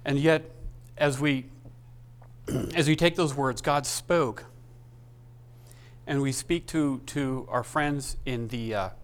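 Halting, emotional male pastor preaching. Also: medium pitch, clean tone. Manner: halting, emotional delivery with many restarts. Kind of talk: sermon. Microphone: microphone.

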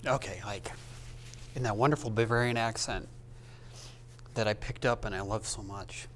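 A man preaching a sermon as pastor, speaking haltingly and with feeling, with many restarts, into a microphone. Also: lowish voice, fairly bright tone, slight background noise.

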